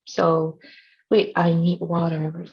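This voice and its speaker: Going extremely slowly in a low, level voice, a female trading instructor walks through a chart in her second language, English. She teases playfully and laughs at her examples often, recorded with dull lo-fi audio.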